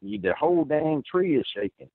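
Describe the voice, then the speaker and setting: A man's voice: fairly high pitch, big pitch swings, normal speed, no room sound. A man telling a first-person story, rambling and earnest with many restarts. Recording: tinny phone line.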